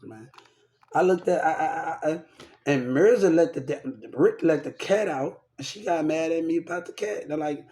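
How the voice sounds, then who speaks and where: Young guy ranting, lots of repeats and cussing, kinda high voice. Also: moderate pace, darkish tone. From Texas. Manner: rambling, repetitive, profane, gets heated. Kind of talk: casual rant to camera.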